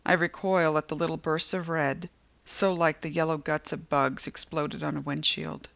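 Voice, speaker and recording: A woman's voice: low-pitched, level tone, normal speed, vocal fry, fairly bright tone. A woman narrating a first-person novel as an audiobook, with tense, vivid storytelling.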